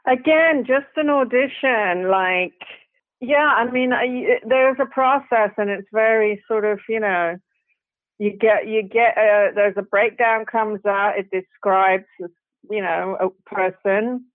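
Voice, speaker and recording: A woman's voice: medium pitch, slow pace, dry recording. A woman, an actress guest on an interview show, spins casual anecdotes with easy laughs and British slang. Her voice arrives over a thin, phone-like line with no room sound at all. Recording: tinny phone line, dry.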